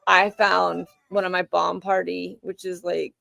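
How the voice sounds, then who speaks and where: Gravelly-voiced woman telling a rambling story. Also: lowish voice, level tone, a little slow, pushed and bright, no room sound, faint music behind, rough recording. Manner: rambling anecdote told with quoted back-and-forth dialogue. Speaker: livestream host. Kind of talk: casual storytelling chat.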